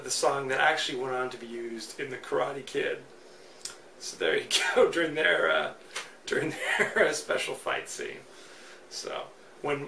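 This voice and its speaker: Chatty man with a gravelly voice. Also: medium pitch, sharp tone. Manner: chatty, joking, opinionated. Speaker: podcast host. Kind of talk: solo movie commentary. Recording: roomy, distant mic, faint noise.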